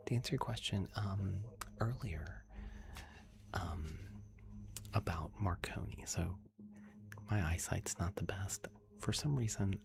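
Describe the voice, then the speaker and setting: Low gravelly whispering ASMR host. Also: male voice. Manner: soft whisper, chatty, laughs often, greets viewers by name. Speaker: ASMR live streamer, host. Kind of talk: whispered ASMR live stream chat.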